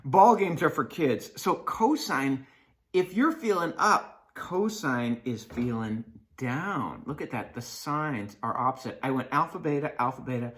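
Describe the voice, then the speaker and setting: A man teaching a math lesson in a playful way, acting out sine and cosine as friends in quick skits. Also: mid-range voice, lively intonation, fairly bright tone.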